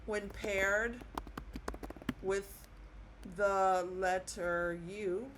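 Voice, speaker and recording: A woman teaching Spanish pronunciation in a slow, patient classroom manner, repeating words and checking in with "okay?". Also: medium pitch, fairly even intonation, noisy background.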